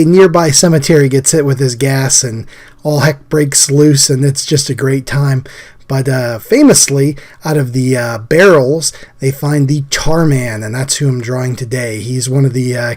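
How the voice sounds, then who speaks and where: A man hosting a casual drawing chat, his voice scratchy and hoarse from a recent illness, talking in an easygoing, chatty way. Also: medium pitch, normal speed, a little mellow. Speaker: host.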